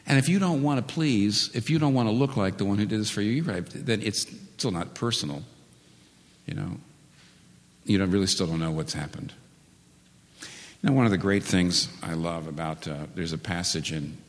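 A male pastor preaching a sermon, earnest and building to animated peaks before dropping to a quiet prayer. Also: deep voice. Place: church sanctuary. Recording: preached in a church hall with long reverb.

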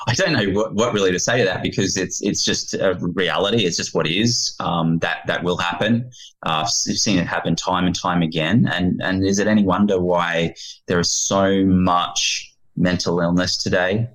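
Earnest male guest, low-ish voice, speaks on fatherhood and faith. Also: steady tone, normal speed, a bit bright, poor audio. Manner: earnest, quotes scripture. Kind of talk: earnest podcast conversation.

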